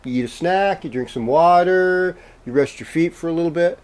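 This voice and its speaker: A man reading horoscopes as the host, in a casual, meandering way with gentle pauses and fillers. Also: a little high. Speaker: astrologer host.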